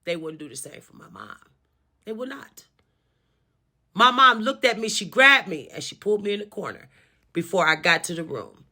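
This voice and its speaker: A woman's voice: mid-range voice, big pitch swings, normal speed, pauses often, bright, forceful tone. A woman telling a personal storytime, angry and emotional, who swears and repeats herself for emphasis. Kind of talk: casual storytime.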